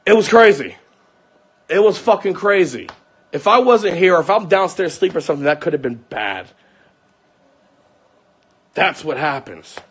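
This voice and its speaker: A young man with a somewhat high, husky voice rants at his stream audience. He talks in heated, profane bursts, with the rough edge of someone unloading his grievances unscripted. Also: animated, moderate pace, pauses often. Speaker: streamer venting to his viewers. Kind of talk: angry unscripted rant.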